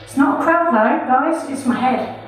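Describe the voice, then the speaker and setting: A woman's voice: sits high, moderate pace, soft background music. A woman performing her own poems live, chatty and playful between them. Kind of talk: live spoken-word poetry reading. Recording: echoey room from far off.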